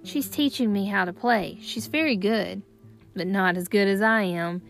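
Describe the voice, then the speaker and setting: An anxious modern boy, as a woman puts him on in an audiobook. His voice sits high and earnest, full of worry. Soft music runs underneath. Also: moderate pace, vocal fry, natural voice. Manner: earnest and worried.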